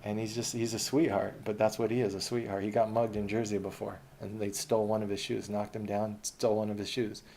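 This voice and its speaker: A man's voice: lowish voice, flat delivery, a little fast, vocal fry, hardly any pauses, dark tone, slight background noise. A man telling a long personal story in a casual, rambling, profane way.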